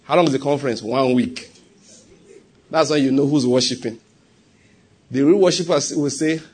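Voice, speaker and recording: A man with a Nigerian accent preaching a sermon, animated, with laughing asides and softly acted prayers. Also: mid-range voice, moderate pace, long pauses, slightly rough.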